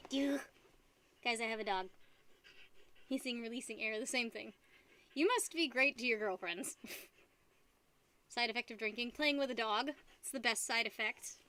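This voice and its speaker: A woman's voice: on the high side, normal speed, long pauses, pushed and bright. A young woman hosting a live stream from home, chatting loosely and giggling while she paints. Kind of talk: casual chat while painting.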